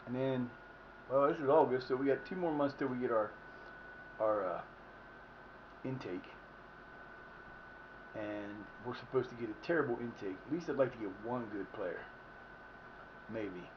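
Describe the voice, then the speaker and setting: A man's voice: medium pitch, moderate pace, pauses often, lo-fi sound, background noise. A man streaming live and chatting casually over his game, rambling with frequent restarts and fillers. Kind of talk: casual live gameplay commentary.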